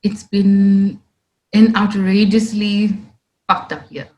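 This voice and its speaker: A young woman, hosting a podcast in casual, animated chat. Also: medium pitch, takes it slowly, poor audio. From South Africa. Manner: animated, exclamatory, laughs often. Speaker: podcast host.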